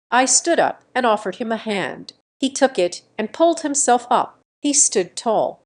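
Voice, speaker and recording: A woman reading a dramatic first-person family story as scripted narration, in a steady reading manner. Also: on the high side, a little slow, hardly any pauses.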